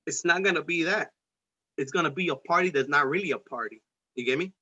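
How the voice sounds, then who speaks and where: A man's voice: a little high, fast, pushed and bright. A man hosting a casual political podcast chat, talking in a heated, profane, rambling way with many restarts. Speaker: podcast host. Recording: dull lo-fi recording.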